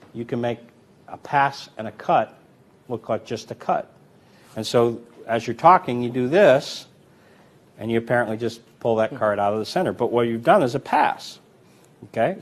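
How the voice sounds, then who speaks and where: Guy teaching card tricks, easygoing, explains stuff while he shows the moves. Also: medium pitch. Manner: relaxed, explanatory, talks while demonstrating. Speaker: magician teaching card sleights. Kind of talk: instructional demonstration.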